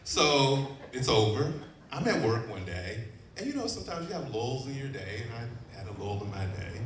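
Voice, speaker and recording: A man from Chicago telling a personal story live on stage, animated and often laughing. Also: medium pitch, normal speed, a little hiss or hum. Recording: echoey venue, distant mic, audience. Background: audience.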